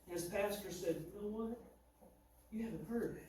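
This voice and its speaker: A man preaching a sermon, telling a story dramatically, swinging between loud and hushed. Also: high-pitched, normal speed. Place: church sanctuary. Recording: echoey church from far off, faint noise.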